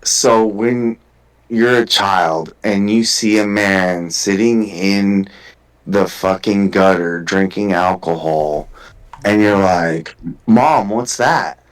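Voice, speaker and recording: Low-voiced man telling a rambling story. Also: fairly even intonation, slow, smooth, rough recording. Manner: rambling storytelling, heavy swearing, restarts. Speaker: guest. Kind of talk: casual podcast conversation.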